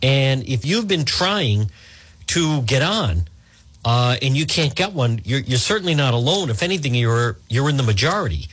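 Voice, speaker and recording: A man hosting a talk radio show, delivering a combative, animated monologue full of asides and restarts, with a husky voice. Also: mid-range voice, moderate pace.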